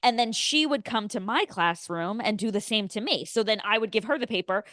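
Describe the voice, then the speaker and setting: Mulher animada contando histórias. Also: female voice, medium pitch, fairly quick, no room sound, studio quality. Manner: animated storyteller, acts out quoted voices. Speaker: podcast co-host. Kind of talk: casual storytelling chat.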